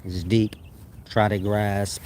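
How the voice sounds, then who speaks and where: A man's voice: fairly low pitch, flat delivery, slow, darkish tone, a little hiss or hum. Slangy, laughing man musing to viewers. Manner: laughs often, slangy and rambling. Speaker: online teacher reading viewer comments. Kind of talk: casual spoken monologue.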